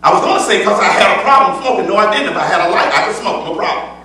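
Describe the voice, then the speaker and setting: A man preaching a sermon in a church. He stresses his points by repeating phrases, and he moves between loud declaiming and soft asides. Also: sits high, lively intonation, racing. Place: church sanctuary. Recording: echoey church from a distance.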